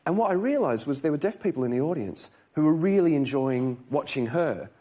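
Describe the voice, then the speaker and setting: A man's voice: a little high, animated, brisk, warm tone. A man, a comedian and talk show guest, telling self-deprecating stories and acting out the people in them. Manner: chatty, self-deprecating, acts out voices in stories. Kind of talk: animated chat show storytelling.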